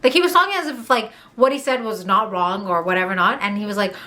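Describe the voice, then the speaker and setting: A young woman from Montreal telling a candid, heated storytime on her vlog, swearing and rushing through asides. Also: mid-range voice, pushed and bright. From Montreal, Canada. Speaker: vlogger.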